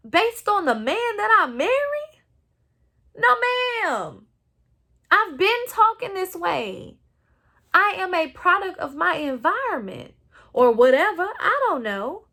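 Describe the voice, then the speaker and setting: A woman's voice: high-pitched, bright, forceful tone. A woman with a Texan accent, hosting a solo podcast and speaking earnestly and with passion. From Southeast Texas. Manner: impassioned, earnest. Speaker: podcast host. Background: no other speakers or sounds.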